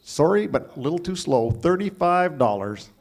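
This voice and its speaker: A man's voice: a little high, very animated, normal speed. A middle-aged man from Alberta, Canada, introducing himself and calling bids as a student auctioneer.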